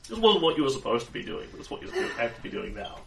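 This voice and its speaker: A man's voice: medium pitch, big pitch swings, fast, creaky, a bit bright. A man narrating a tabletop game as game master, rambling along with restarts and fillers. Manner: rambling, with restarts and filler while setting the scene. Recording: echoey room, distant mic, faint noise.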